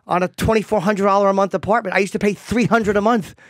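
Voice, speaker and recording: Candid male radio host, slightly high voice. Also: fairly even intonation, quick pace, no room sound, studio quality. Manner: candid, profane storytelling. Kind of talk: casual radio chat.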